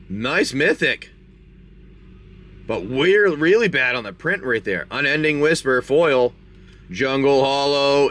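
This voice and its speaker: Bright-voiced man running a game. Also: medium pitch. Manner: rambling, chatty, playful. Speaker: game master and card-break host. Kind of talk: live-stream narration of a tabletop game.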